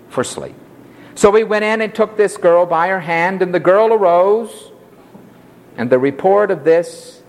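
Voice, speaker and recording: A man preaching an expository sermon, telling the story expressively and acting out the quotes. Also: high-pitched.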